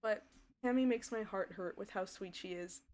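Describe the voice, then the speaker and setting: A woman's voice: mid-range voice, normal speed, darkish tone. A woman streaming a game live, chatting casually with her chat and giggling often. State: voice tiring. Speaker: VTuber streamer.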